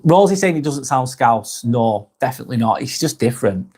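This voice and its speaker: Man, Northwest English accent, casual livestream host, chatty, reads viewer comments, swears casually, mid-pitched voice. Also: animated, brisk, darkish tone, slightly rough. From Northwest England. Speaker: live vlog host reading chat.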